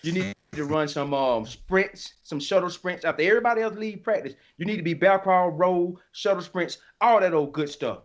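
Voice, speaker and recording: A man's voice: sits high, normal speed, hardly any pauses. A man co-hosting a sports podcast, ranting in a fired-up, emphatic, colloquial way. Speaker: podcast co-host. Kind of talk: heated sports podcast rant. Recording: slightly dull lo-fi audio.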